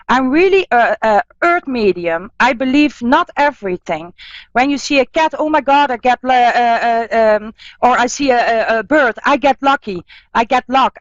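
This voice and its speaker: Soothing psychic radio host, woman, fairly high voice, dull dry sound. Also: dry recording. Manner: soothing, slow, repeats caller's name. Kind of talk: live radio call-in healing session.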